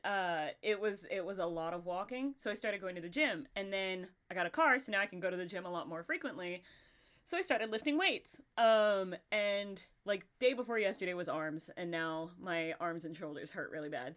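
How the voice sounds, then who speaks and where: Chatty Southern woman with vocal fry. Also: lowish voice, moderate pace, a bit bright. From Texas. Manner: chatty, laughs often, rambling tangents. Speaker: podcast host. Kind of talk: casual chat.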